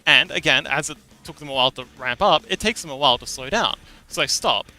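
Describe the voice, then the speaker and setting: A man's voice: a little high, fast talker, sharp tone, soft background music. A man livestreaming, explaining something in a rambling, casual way, repeating words and laughing now and then.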